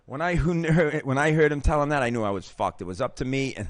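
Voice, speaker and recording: An older man in his sixties tells his own hard story as host, fired up and motivational, with blunt swearing and stumbling restarts. His voice sits at an ordinary middle pitch. The sound is dry and close, with no room echo. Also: fast talker. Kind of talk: personal recovery testimony.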